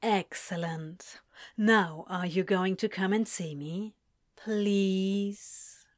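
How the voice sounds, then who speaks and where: A woman voicing a flirtatious man who teases in a low, slow drawl on the phone. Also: no echo, clean studio sound. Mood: teasing. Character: flirtatious male seducer on the phone.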